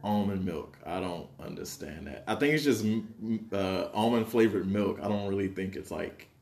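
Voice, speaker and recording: A young man hosting a podcast, chatting in a relaxed, joking way full of slang. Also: low-pitched, normal speed, vocal fry. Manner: laid-back, joking, slangy. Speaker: podcast host. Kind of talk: casual chat.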